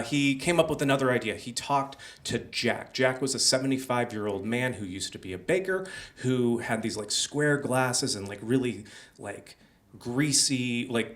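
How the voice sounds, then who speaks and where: A man's voice: medium pitch, fairly bright tone. A young man telling a personal story on a small theater stage, conversational and full of "like" and "uh". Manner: conversational, filler-heavy with many "like" and "uh". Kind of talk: live storytelling.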